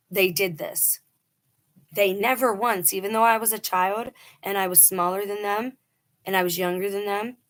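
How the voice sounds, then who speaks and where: A woman's voice: mid-range voice, fairly bright tone. A middle-aged woman telling a personal story in a casual, earnest and emphatic way, acting out quoted dialogue. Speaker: vlogger telling a personal testimony.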